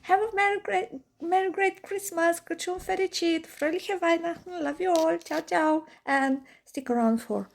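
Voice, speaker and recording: A woman's voice: extremely high pitch, normal speed, creaky, hardly any pauses. Woman whispering a spooky tale. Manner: dramatic, often dropping to a hushed whisper. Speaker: storyteller. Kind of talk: spooky storytelling vlog.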